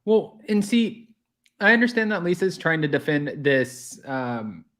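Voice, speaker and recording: A man's voice: on the high side, big pitch swings, a little slow, fairly bright tone. A man chatting as a guest, sharing reasoned opinions on a reality show. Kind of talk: casual chat.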